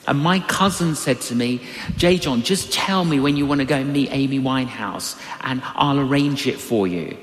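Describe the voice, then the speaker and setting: A man preaching a sermon, telling personal stories with animated swings in his voice. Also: reverberant, long reverb tail. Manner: animated storytelling with big pitch swings.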